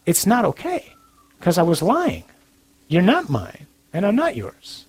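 A man's voice: sits high, slightly rough. A man giving an earnest, blunt Catholic talk to young adults, with dry humor. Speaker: Catholic speaker.

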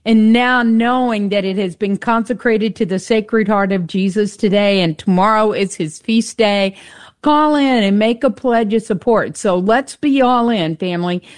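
A woman co-hosting a radio pledge drive, fervent and pressing, who fires off quick rhetorical questions and repeats the call-in number. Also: medium pitch. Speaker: radio co-host. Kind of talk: on-air pledge drive appeal. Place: radio studio.

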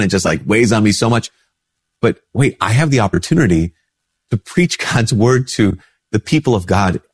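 This expressive male voice, at normal speed with a breathy edge, belongs to a Catholic priest reflecting casually while a little sick and stuffed up. Chatting conversationally, he performs quoted responses by lifting his voice higher. The sound is clean studio audio with a dry quality.

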